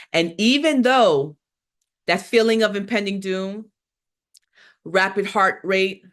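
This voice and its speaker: A woman nursing instructor leading a live exam-review lesson, lively and emphatic, asking questions and answering them herself. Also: fairly low pitch. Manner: lively, asks and answers her own questions.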